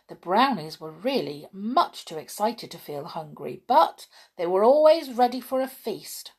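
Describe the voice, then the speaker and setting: A woman reads a children's storybook aloud. Her reading is gentle and expressive. Her voice sits at an ordinary middle pitch. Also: unhurried, husky.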